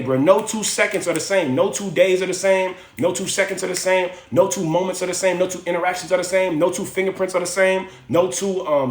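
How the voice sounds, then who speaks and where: A man with a high, quick voice preaches motivation to his livestream viewers in loose slang, repeating lines to drive them home. He talks in a roomy, echoey space at home with faint music under him. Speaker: livestream host.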